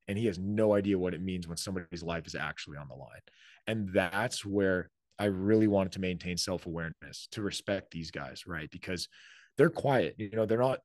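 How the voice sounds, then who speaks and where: A man's voice: low voice, no room sound. A man, a military leader being interviewed on a podcast, talking casually with many fillers. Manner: conversational, many fillers, acts out quoted orders. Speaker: author and army leader, podcast guest.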